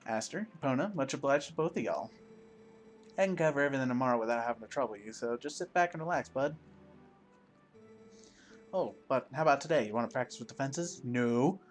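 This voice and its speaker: A man's voice: mid-range voice, expressive, fairly quick, pauses often, soft background music, lightly acted. A man reading a folksy ranch hand. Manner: folksy, calls the listener bud. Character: gruff adult male ranch hand, friendly.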